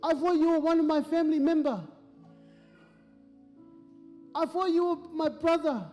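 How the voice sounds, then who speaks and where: A preacher doing a grateful prisoner, voice pitched up. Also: male voice, steady tone, fast, a little mellow, big-room sound, soft background music. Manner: tearful thanks, repeating himself. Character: overwhelmed grateful man in prison.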